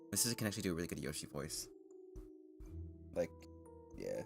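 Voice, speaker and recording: Deep voiced guy rambling to his stream chat, lots of laughs and restarts, voice bouncing all over. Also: very animated, brisk, vocal fry, over music. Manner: self-consciously nervous. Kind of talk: casual chat with viewers.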